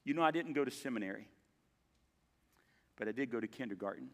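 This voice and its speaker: An older man preaching a sermon as pastor, telling stories in a folksy way with dramatic pauses. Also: mid-range voice, in a large hall. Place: church sanctuary.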